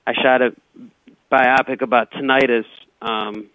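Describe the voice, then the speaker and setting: A man's voice: mid-range voice, fairly even intonation, unhurried, dry recording. Guy comic rambling and stuttering through stories, tinny phone-call sound. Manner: rambling, stammering restarts. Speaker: comedian guest. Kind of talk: casual comedic storytelling.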